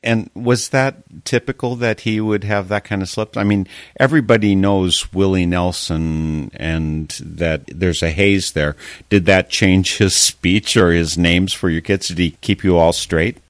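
A man with a very low voice hosts a radio interview in a dry, close-miked sound. He speaks in a measured tone, turning now and then to address his listeners. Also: steady tone, no echo.

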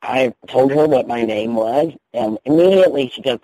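A man's voice: medium pitch, moderate pace, dark tone, dry recording, rough recording. A man with a North Carolina Southern accent, a minister guest in a radio interview, telling a personal story in a chatty, candid way. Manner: chatty, candid, laughs easily.

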